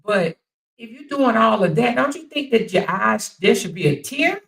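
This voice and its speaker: A woman hosting a casual livestream, talking straight to her viewers in an animated, incredulous way. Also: on the high side, moderate pace, vocal fry, rough recording. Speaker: livestream commentary host.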